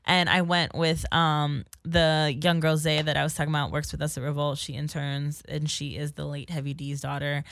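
A woman's voice: low voice, little pitch movement, moderate pace, creaky, few pauses. A woman hosting a podcast, telling stories in a chatty, casual way full of "like" and the odd swear word. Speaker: podcast host. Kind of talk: casual chat.

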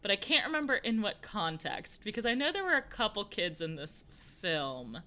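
A woman's voice: mid-range voice, big pitch swings, normal speed, sharp tone. A young woman co-hosting a podcast in casual chat, giggly and playfully acting out quotes. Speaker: podcast co-host.

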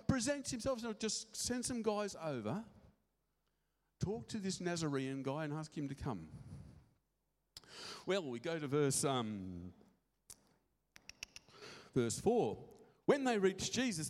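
A man preaching a sermon, excitable and prone to talking fast. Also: high-pitched, big-room sound.

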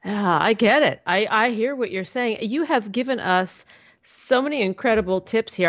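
A woman's voice: on the high side, normal speed, dry recording, clean studio sound. A woman hosting a radio show and working as a therapist, telling stories in a conversational way. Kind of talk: radio interview.

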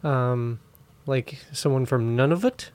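A man's voice: medium pitch, slow, a little mellow. A man co-hosting a comedy podcast, teasing his partner with laughing questions. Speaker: podcast co-host. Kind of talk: casual comedic chat.

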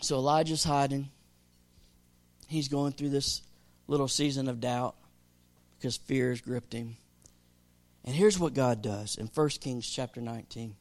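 A man preaching a sermon as pastor. He moves between rousing, emphatic exclamations and hushed, softer storytelling. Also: mid-range voice, measured pace, long pauses. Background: soft guitar music.

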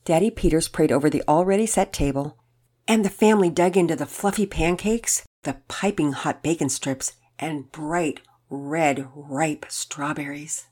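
A woman reading a children's story aloud in an expressive, storytelling way. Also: low voice, moderate pace.

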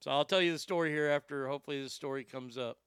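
A man's voice: fairly high pitch, fast talker, a bit bright, smooth, no echo, studio quality. A man hosting a commentary show, delivering a brash, swaggering, profane comedic rant. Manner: brash, swaggering, heavy swearing.

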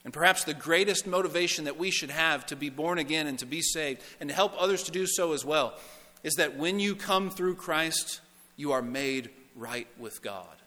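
A male pastor preaching in a church hall with a long, ringing reverb. His voice is bright and forceful and sits a little high for a man. He stresses lines by repeating them and drops to a near hush on key words. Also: moderate pace. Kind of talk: sermon. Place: church sanctuary.

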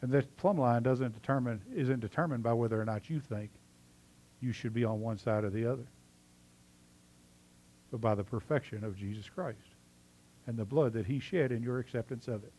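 A male preacher delivers a sermon at a medium pitch. He tells stories with animated bursts and then drops into quiet, earnest asides. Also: normal speed, long pauses, breathy edge. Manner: storytelling, swings from loud animated telling to quiet earnest asides. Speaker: pastor.

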